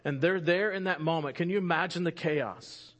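His voice sits a little high as he preaches, telling the sermon in a lively, story-driven way. Volume climbs for emphasis and falls to a slow hush at crucial points.

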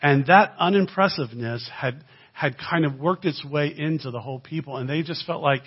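A man's voice: fairly high pitch, moderate pace, breathy edge, highs cut off. A man giving a sermon as a guest speaker, preaching in a conversational way with dry humor and frequent asides to the congregation.

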